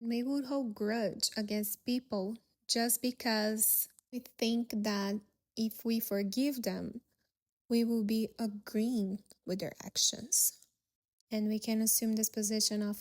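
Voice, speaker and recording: Soft-spoken reflective woman podcaster. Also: a little high, fairly even intonation, takes it slowly. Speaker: podcast host. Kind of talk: reflective solo podcast storytelling.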